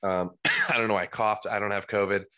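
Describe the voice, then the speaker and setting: A man in his thirties with a New Jersey accent, a podcast guest talking loudly in a rambling way with many restarts. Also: fairly low pitch, a little fast. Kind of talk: casual podcast chat.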